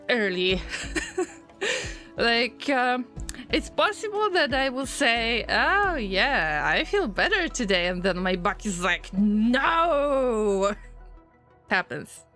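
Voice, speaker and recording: Lady streamer talking thru her game, kinda high voice, gets distracted and yelps when stuff goes wrong, faint music behind. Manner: chatty, easily distracted, bursts into excited alarm. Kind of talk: casual live-stream gameplay commentary.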